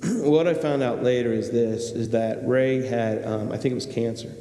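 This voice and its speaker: A man's voice: medium pitch, moderate pace, mellow, soft background music. A man preaching a sermon as pastor, telling a personal story and then acting out the characters before urging his church emphatically. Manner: storytelling, acts out characters, rising to emphatic exhortation. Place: church sanctuary. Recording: echoey hall with faint hum.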